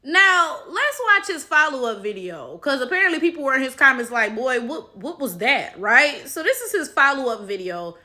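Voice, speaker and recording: Female commentary host, high bright voice, sarcastic and emphatic. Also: big pitch swings, moderate pace, few pauses. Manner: emphatic and sarcastic, constant tag questions. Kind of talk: reaction commentary.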